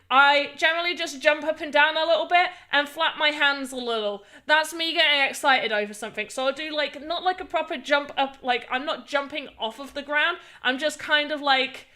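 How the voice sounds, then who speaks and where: A British woman talks casually to her stream in a high, bright voice. She sounds tired and rambles, restarting words as she goes. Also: normal speed, few pauses. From Britain. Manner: rambling, self-deprecating, often restarts words. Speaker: livestreamer. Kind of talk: casual live-stream chat.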